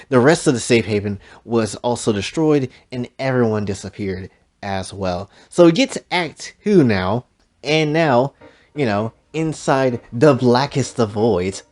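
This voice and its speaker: A man casually retelling his own story, animated and joking, with profane asides to his listeners. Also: medium pitch.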